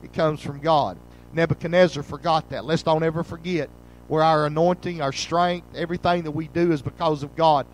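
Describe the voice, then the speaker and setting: A male pastor preaching a sermon fervently, reading old-style scripture and swelling loud on key lines before dropping low. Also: fairly even intonation, a little fast, slight background noise, low-quality recording. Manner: reads scripture in old King James wording.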